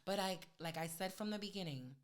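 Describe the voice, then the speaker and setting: A woman's voice: fairly low pitch, brisk. A woman talking in a casual podcast debate, rambling with many fillers and restarts.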